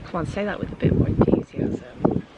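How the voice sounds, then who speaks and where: A woman's voice: brisk, dull audio, very noisy. A woman in her twenties chatting and teasing through a casual holiday vlog. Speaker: vlogger. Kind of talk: casual travel vlog chat. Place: hotel terrace and restaurant on holiday. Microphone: handheld compact camera mic.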